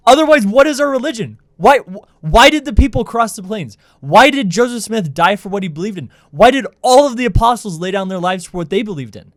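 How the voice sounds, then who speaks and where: A man on a podcast, arguing his points earnestly and firmly in a slightly higher voice. The sound is dry and close. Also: expressive, brisk, hardly any pauses, no room sound. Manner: earnest, firm, argumentative. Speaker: podcast co-host. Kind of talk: casual podcast chat.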